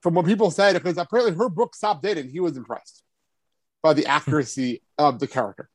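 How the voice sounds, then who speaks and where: Excited guy hosting a podcast, talks quick, slightly high voice, laughs a lot. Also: slightly rough, dry recording. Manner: enthusiastic, laughs often. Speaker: podcast host. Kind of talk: casual chat.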